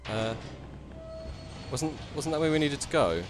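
A man's voice: fairly high pitch, lively intonation, unhurried, music in the background. Jumpy man with a swinging voice. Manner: jumpy, swears and yelps at scares. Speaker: let's play gamer. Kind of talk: horror game commentary.

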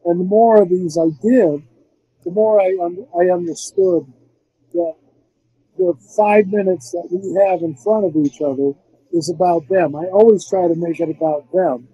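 An older man recalling old times in a casual interview, rambling and animated, restarting his sentences often. His voice sits high for a man yet sounds very dark and husky. The audio is dull and lo-fi, like a video call. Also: moderate pace, no room sound. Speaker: film composer, guest.

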